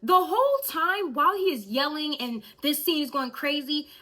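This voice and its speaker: Young woman vlogger, high bright voice, telling a story all animated to viewers. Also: normal speed. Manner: animated, talks straight to viewers. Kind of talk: storytime vlog.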